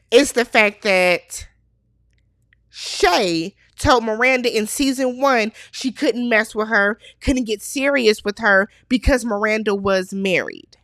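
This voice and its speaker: Chatty, opinionated female recap host; slightly high, dry close-mic delivery. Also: dry recording. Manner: chatty, opinionated, animated quoting of characters. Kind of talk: casual TV recap chat.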